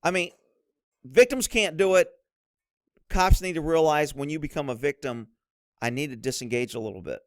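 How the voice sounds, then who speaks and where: A middle-aged former police officer gives blunt, instructive commentary over police footage at a moderate pace with long pauses, dropping his voice low to mimic others. The recording is studio quality with no echo.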